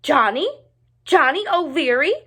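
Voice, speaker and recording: A strict, no-nonsense schoolteacher, put on by a woman reading a storybook aloud, firm and commanding. Her voice is bright and lively, rising and falling as she scolds. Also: mid-range voice, normal speed. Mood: scolding. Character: strict stern female schoolteacher, middle-aged.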